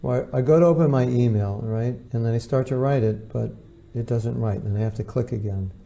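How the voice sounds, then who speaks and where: A man's voice: mid-range voice, a little fast, vocal fry, warm tone, slight background noise. A man giving an informal lecture to devotees as their spiritual teacher, talking conversationally and acting out the voices of people he quotes.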